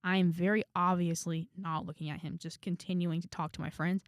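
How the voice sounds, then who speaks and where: A young woman vlogger telling a story to camera in a casual, animated way, with dramatic quoted asides. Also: lowish voice, a little fast, dry recording, studio quality. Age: young adult.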